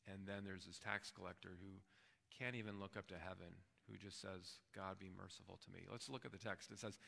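A man pastor preaching a sermon in a relaxed, conversational way, often checking in with his listeners. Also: low voice, fairly quick, vocal fry, in a large hall. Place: church sanctuary.

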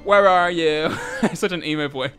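A young man commentating on gameplay, yelling, swearing and laughing, going hoarse. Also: on the high side, measured pace, soft background music. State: hoarse from screaming. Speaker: gaming video host.

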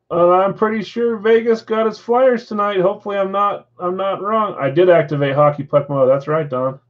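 A man hosts a live card-break stream from his house, talking casually and answering viewer comments as he goes. His voice sits a little high. The audio is slightly dull and lo-fi. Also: normal speed, few pauses. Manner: chatty, reads viewer comments aloud. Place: house with a floor above.

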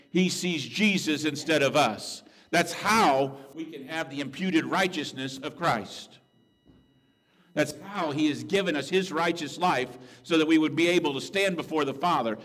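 A man preaching a sermon as a pastor, talking in an earnest, conversational way, checking in with asides and moving between hushed reflection and raised, emphatic peaks. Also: on the high side.

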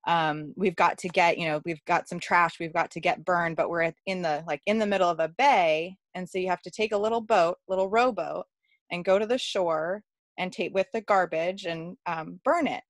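A woman's voice: fairly low pitch, normal speed, no echo. A woman telling a personal story in a casual, chatty way, with many fillers and frequent laughter. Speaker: workshop participant.

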